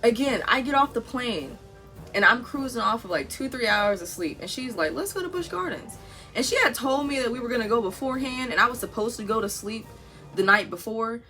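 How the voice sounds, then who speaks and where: A woman's voice: on the high side, expressive, brisk, sharp tone, faint music behind. A young woman telling a story to camera in a casual vlog, acting out the voices of the people in it. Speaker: vlogger.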